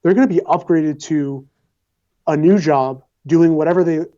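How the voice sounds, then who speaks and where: A man's voice: a little high, mellow. A young man answering as a congressional candidate in an interview, earnest and speechlike, with repeated phrases, on slightly dull lo-fi audio. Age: young adult.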